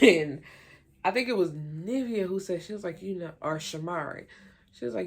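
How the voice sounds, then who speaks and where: Woman, lowish voice, chatty and opinionated TV recap. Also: breathy edge. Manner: chatty, opinionated, many fillers; retells scenes in quick quoted voices. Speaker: TV recap reviewer. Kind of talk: casual recap commentary.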